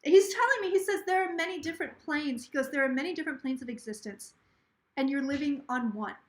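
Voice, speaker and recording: A woman's voice: sits high, fast talker, reverberant. A woman hosting a casual live stream from home, chatty and gushing, relaying a spirit's words in quotes. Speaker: psychic livestream host. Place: home, near a kitchen.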